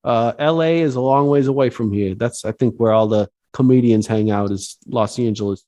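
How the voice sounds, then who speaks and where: A man's voice: mid-range voice, moderate pace, dark tone. A man hosting a podcast in loose, joking casual chat, full of fillers and swearing. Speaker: podcast host.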